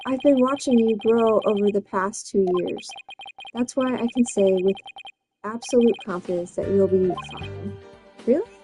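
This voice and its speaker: A woman voicing a calm, fatherly male lawyer who speaks in a steady, reassuring way. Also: medium pitch, moderate pace, soft background music, close to an everyday voice.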